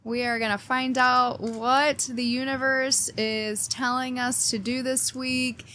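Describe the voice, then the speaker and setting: A woman's voice: sits high, level tone, takes it slowly, pushed and bright, a little hiss or hum. A woman hosting a casual weekly astrology forecast, chatting playfully and cheekily straight to her viewers while reading oracle cards. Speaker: astrology reader and channel host.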